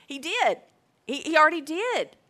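Slow, emphatic woman preacher. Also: high voice, big pitch swings, bright, forceful tone. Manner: emphatic, repeats key phrases, slow and deliberate. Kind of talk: sermon.

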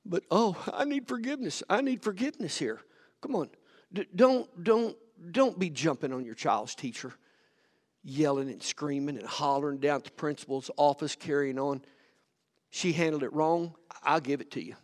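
A male pastor preaching a sermon, rising to near-shouts and repeating his words as he presses his point. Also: on the high side, normal speed. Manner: repeats and stumbles over words. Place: church sanctuary. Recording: long hall reverb from a sanctuary.

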